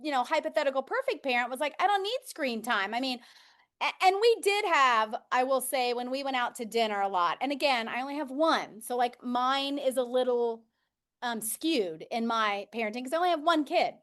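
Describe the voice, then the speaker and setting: A woman co-hosting a podcast, chatting casually, laughing often and agreeing quickly. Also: high-pitched, fairly bright tone. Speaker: podcast co-host. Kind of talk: casual chat.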